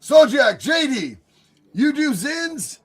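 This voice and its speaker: A man hosting a live stream, reading chat messages aloud in a loud, excitable way, often shouting. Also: very high-pitched, slow pace.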